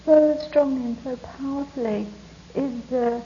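A woman teacher giving a spiritual talk to a live audience, telling stories in a soft, reflective and hesitant way. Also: high voice, steady tone, unhurried, a little hiss or hum. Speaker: meditation teacher. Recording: echoey, muffled room recording with faint ambience.

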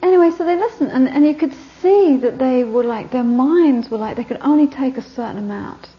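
A woman Buddhist teacher telling a story in a Dharma talk, animated and sometimes dropping to soft whispers for emphasis. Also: sits high, fairly quick, muffled recording.

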